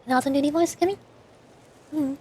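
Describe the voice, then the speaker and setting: A woman's voice: sits high, fairly quick, dark tone, no room sound. A woman streaming a game as a VTuber, chatting playfully with her viewers. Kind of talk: casual gaming stream chat.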